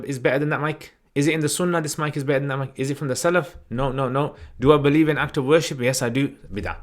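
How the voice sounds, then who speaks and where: A man hosts a livestream Q&A on religious questions. He reads out each viewer's name and question, then answers in a casual, unscripted way with fillers and restarts. He speaks into a desk microphone. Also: medium pitch.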